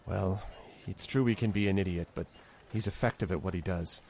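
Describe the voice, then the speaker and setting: A man's voice: deep voice, fairly quick. Stern protective woman companion, voiced by a man. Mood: warning. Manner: firm, quiet, warning.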